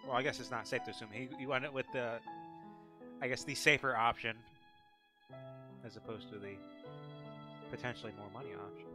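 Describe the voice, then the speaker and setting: A man's voice: medium pitch, steady tone, a little fast, long pauses, music in the background. A man co-streaming a video game, chatting casually with dry, joking asides. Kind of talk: casual gaming chat.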